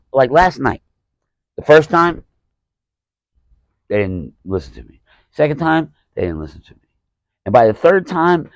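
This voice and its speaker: A man's voice: mid-range voice, no echo, poor audio. Profane man ranting dryly. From Alabama. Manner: profane, exasperated, animated storytelling. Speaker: stand-up comedian, podcast host. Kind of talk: casual storytelling rant.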